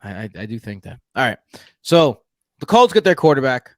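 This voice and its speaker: A man from Houston co-hosting a podcast, talking casually and jokingly with lively restarts. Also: medium pitch, normal speed, no echo, clean studio sound. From Houston, Texas. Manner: animated, jokey, frequent restarts. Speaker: podcast co-host. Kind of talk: casual fantasy football chat.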